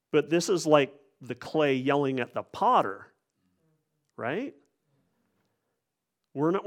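Earnest man preaching a sermon. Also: fairly high pitch. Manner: earnest, with frequent restarts and repeated words.

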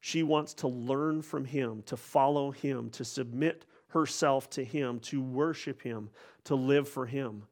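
A man's voice: mid-range voice, measured pace. A man preaching a sermon in an earnest way, often restarting and repeating words as he goes.

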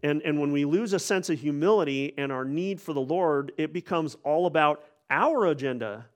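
A man's voice: a little high, moderate pace. A man preaching a sermon in an earnest way, often restarting and repeating words as he goes.

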